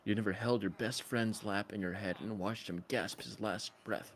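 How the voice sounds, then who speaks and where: A man's voice: on the low side, moderate pace, a little hiss or hum, pitched below the performer's own voice, natural voice. A man reading as an earnest therapist. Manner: steady, lecturing read with stumbles. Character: earnest male therapist lecturing a young man. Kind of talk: casual reading of a film scene.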